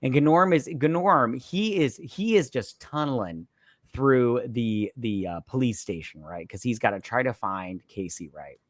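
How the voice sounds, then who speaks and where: A man's voice: mid-range voice, expressive, measured pace, dry recording, studio quality. A tipsy man co-hosting a podcast, retelling a film's plot in a rambling way and acting out lines with "he's like". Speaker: podcast co-host. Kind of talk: casual movie recap.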